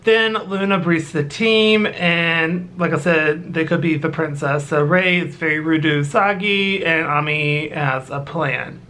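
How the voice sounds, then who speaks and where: A YouTuber casually recapping and reviewing an anime episode, halting often with fillers. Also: medium pitch, pushed and bright. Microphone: battery-powered recording device.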